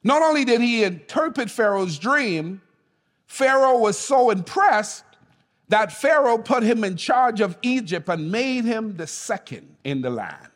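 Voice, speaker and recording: A man's voice: sits high, big pitch swings, a little slow, long reverb tail. A man preaching a sermon as pastor, speaking emphatically and calling on the congregation to respond. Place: church.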